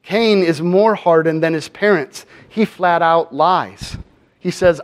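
A man's voice: high voice, a little slow. A man preaching a sermon in an earnest manner, often posing rhetorical questions to his congregation. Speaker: pastor.

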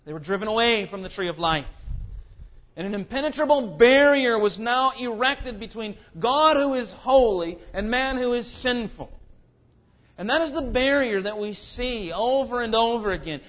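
A man's voice: very high voice, expressive, moderate pace, highs cut off. A man preaching a sermon in an emphatic, dramatic way. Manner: emphatic and dramatic, acting out quotes.

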